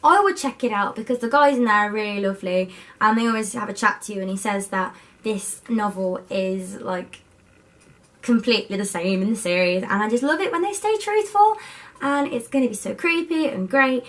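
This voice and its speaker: A woman's voice: medium pitch, lively intonation, moderate pace. A young woman vlogging about books to her camera at her student home, bubbly and overexcited. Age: young adult. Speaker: book vlogger. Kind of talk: casual chat to camera. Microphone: camera set up by herself.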